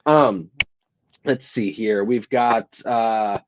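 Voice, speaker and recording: A man's voice: lowish voice, very slow, dull audio, background noise. A man co-hosting a casual podcast chat, rambling a little and acting out quotes. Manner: rambling, quotes lines in a raised voice. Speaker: podcast co-host. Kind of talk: casual chat about a film.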